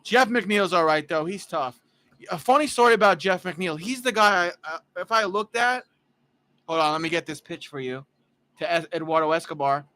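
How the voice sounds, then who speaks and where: Excitable young man calling a ballgame. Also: sits high, normal speed. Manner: blunt, profane, excitable. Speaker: fan livestream commentator. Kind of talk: casual play-by-play commentary. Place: ballpark stands.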